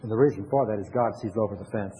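An older man, a pastor with grandchildren, giving a conversational sermon full of pauses and restarts. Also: on the low side, warm tone, a little hiss or hum, rough recording.

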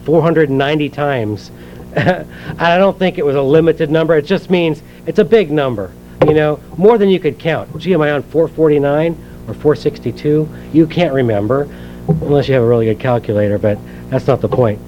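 Male pastor, conversational sermon, slightly high voice, dull recording with faint music. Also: normal speed. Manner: conversational, asks the congregation questions.

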